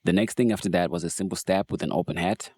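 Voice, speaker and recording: A man with a very low, warm and mellow voice talks through his beat-making steps in a relaxed, casual tutorial manner. Faint music plays beneath his voice. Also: fast talker, no room sound. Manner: laid-back, relaxed explaining. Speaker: beat producer tutorial host. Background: beat playback.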